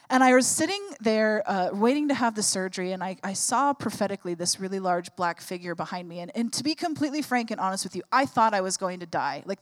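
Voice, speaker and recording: A woman in her thirties, a pastor preaching a sermon, telling a personal story and building to fervent exhortation. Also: medium pitch.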